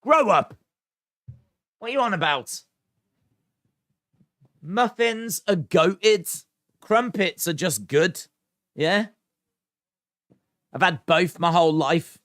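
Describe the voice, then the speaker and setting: A man's voice: high-pitched, expressive, slow pace, long pauses, a bit bright, no room sound, clean studio sound. An English man hosting a live stream, casually reading viewer comments with playful, mock-indignant banter. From England. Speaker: live stream host reacting to wrestling.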